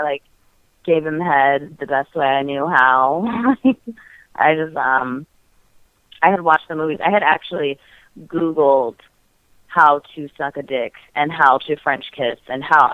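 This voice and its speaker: A woman's voice: sits low, unhurried, no echo. A woman guest telling a personal story candidly and casually, giggling often and filling her talk with "like". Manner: giggly, frank, heavy use of "like" fillers. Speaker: podcast guest. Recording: tinny phone-like dry audio.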